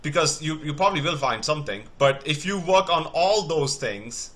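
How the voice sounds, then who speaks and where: A man's voice: fairly high pitch, expressive, moderate pace, fairly bright tone. A man hosting an interview podcast, enthusiastic and full of praise for his guest. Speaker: podcast host.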